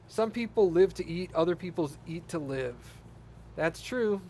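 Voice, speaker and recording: A man's voice: sits high, animated, a little slow, a little mellow, a little hiss or hum. A man streaming a game, chatting casually and laughing his way through a story. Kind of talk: casual chat while gaming.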